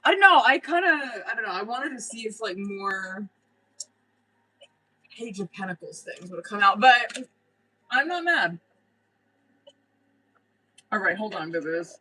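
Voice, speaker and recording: Speaking a little slowly and pausing often, a young woman with a medium-pitched, breathy-edged voice gives a live-stream tarot reading. She's chatty, casual and profane, animated, with frequent laughs, occasional curses and plenty of "like" and "um." The recording is rough.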